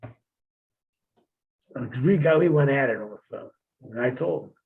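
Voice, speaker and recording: A man's voice: medium pitch, expressive, moderate pace, gravelly. Profane storytelling man on a tinny line. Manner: profane, laid-back storytelling with laughs. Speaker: guest, former wrestler. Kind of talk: casual storytelling interview.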